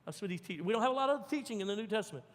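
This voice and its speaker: Guy preaching, high bright voice, big loud-to-quiet swings, church reverb. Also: very fast. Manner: animated storytelling, swings from loud to hushed. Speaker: pastor. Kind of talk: sermon. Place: church sanctuary. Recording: long hall reverb.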